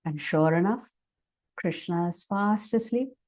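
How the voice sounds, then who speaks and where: Brief: woman devotional speaker on a video call, mellow tone, animated storytelling. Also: lowish voice. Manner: animated storytelling, then slower reflective teaching. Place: online class session.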